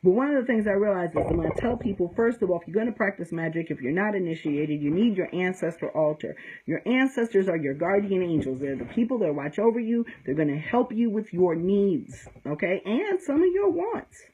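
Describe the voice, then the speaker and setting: A woman's voice: on the low side, animated, a little fast, hardly any pauses, dark tone, slight background noise, poor audio. A middle-aged woman from the United States, a conjure practitioner, giving blunt, profane, straight-talking advice in a casual teaching talk, often checking in with "okay?". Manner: emphatic storytelling with frequent "okay?".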